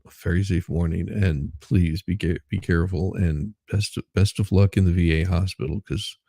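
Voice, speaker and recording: A man's voice: sits low, fairly even intonation, normal speed, vocal fry, mellow, husky, dry recording. A man hosting a casual morning livestream, laughing often and greeting chat viewers by name. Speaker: livestream host.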